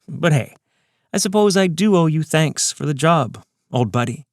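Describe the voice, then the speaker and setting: A man's voice: fairly high pitch, expressive, normal speed, dry recording, clean studio sound, pitched above the performer's own voice. A man doing a smug, mocking male villain. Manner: mocking, condescending. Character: smug scheming male villain taunting over video.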